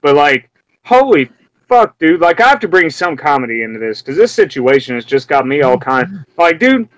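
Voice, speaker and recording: A young man from Memphis ranting in a casual, profane way, breaking into high mocking yelps as he acts out what he heard. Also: big pitch swings, moderate pace, a bit bright, dry recording, low-quality recording. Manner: heated, profane, mimics screams in sudden high yelps.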